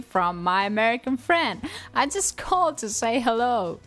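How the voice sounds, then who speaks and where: A woman's voice: on the high side, sing-song, normal speed, a bit bright. A woman hosting a podcast, reading a scripted English-lesson dialogue in a cheerful, teasing way and laughing often. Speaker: podcast host.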